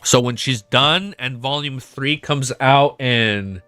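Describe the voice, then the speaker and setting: An excitable man chatting live on stream, swearing freely and getting emotional, with a congested nose. His voice is bright and forceful, and the dry, close sound has soft music playing behind it. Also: medium pitch, takes it slowly, clear, resonant tone, dry recording. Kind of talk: live reading reaction chat.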